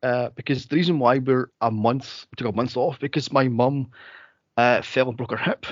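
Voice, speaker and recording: A man co-hosting a podcast in casual chat, animated and laughing often, jumping into high squeals to act out scenes. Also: moderate pace, no echo. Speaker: podcast co-host. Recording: dull lo-fi dry sound.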